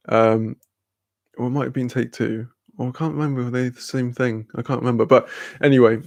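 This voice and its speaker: A man's voice: mid-range voice, gravelly, no echo. A young man telling a rambling, sweary story in casual chat, laughing often. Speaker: channel host.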